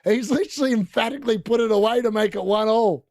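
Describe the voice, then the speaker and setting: Gravelly high-voiced man, watchalong host. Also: fast, no echo, studio quality. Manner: excitable, bursts into shouting at goals. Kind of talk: casual live match commentary.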